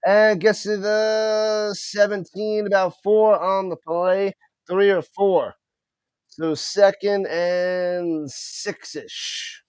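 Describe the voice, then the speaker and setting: A man's smooth voice sits high, his words drawn out, with no echo. He streams excited live football play-by-play, talks with his chat and stumbles over player names he doesn't know.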